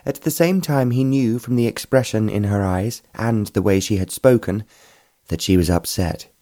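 Man with a mellow narrating voice. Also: fairly low pitch. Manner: measured, even storytelling. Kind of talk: scripted audiobook narration.

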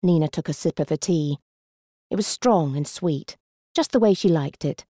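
Low-voiced woman reading a story. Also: animated, moderate pace, mellow, slightly rough, no room sound, studio quality. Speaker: narrator. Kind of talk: audiobook narration.

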